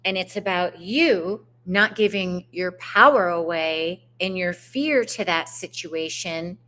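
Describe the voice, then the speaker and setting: Brief: woman, tarot reader live-streaming from home, unhurried and loose, spiritual slang. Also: fairly low pitch. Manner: animated, chatty spiritual talk with slang and swearing. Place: home on a mountainside.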